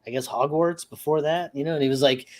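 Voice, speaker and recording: A man with a slightly raised pitch banters on a podcast. He teases his co-host and laughs often while telling loose stories about his kids. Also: fairly even intonation, fast talker, darkish tone. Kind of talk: casual chat.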